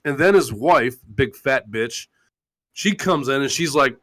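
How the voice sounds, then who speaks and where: A man's voice: animated, measured pace, rough recording. A man hosting a call-in live stream, ranting in a crude, mocking way with constant swearing. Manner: loud, mocking and crude, swinging widely in pitch. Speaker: talk show host. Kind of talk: profane live-stream rant.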